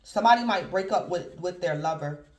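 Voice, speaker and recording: A man with a high-sitting, expressive voice and brisk pace gives a casual, rambling tarot reading. He keeps calling his viewers "collective," and the recording has a roomy echo.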